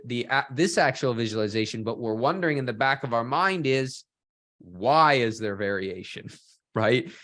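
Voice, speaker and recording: A man leads an online data visualization workshop, talking in a mid-pitched voice. He poses questions to his viewers and keeps checking in with them. He often ends a thought with a quick "right?". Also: fairly bright tone. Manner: asks the audience, often adds "right?". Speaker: workshop instructor.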